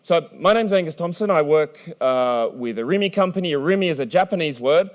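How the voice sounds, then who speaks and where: A man's voice: on the high side, brisk. Guy hosting a conference panel, upbeat and joking, lots of restarts, talking into a mic in a big hall. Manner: energetic, playful, with frequent restarts. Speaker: panel moderator.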